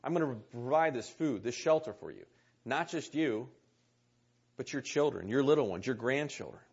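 A man's voice: medium pitch, lively intonation, moderate pace, creaky, darkish tone, slightly rough. A man preaching a sermon in earnest, repeating key words and reading scripture aloud. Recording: muffled lo-fi recording.

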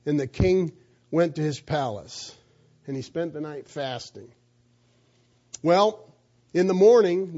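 High-voiced, mellow male preacher. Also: highs cut off. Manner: emphatic storytelling with rhetorical questions. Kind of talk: sermon.

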